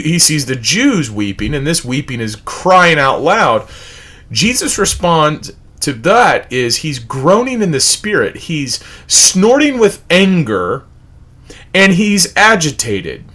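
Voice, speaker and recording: A man's voice: fairly high pitch, slow, breathy edge. A man leading a livestreamed Bible study, asking repeated rhetorical questions and reading out word definitions. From United States. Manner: animated, repetitive rhetorical questions, reads word definitions aloud.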